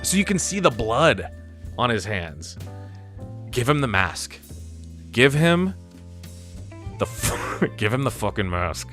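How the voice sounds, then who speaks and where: A man hosting a live stream, talking in a casual, animated way. He laughs often and repeats and restarts his words. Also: mid-range voice, takes it slowly, long pauses, soft background music.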